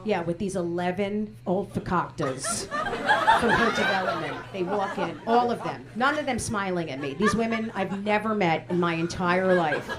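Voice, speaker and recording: A woman's voice: mid-range voice, moderate pace, heavy background noise. A woman stand-up comedian telling stories in a wry, exasperated way on a club stage. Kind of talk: stand-up routine. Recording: live club with loud crowd laughter.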